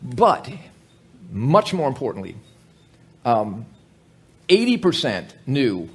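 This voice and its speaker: A man preaching a sermon, joking with the congregation and telling animated stories, with many fillers and restarts. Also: medium pitch, slow pace, long pauses, breathy edge.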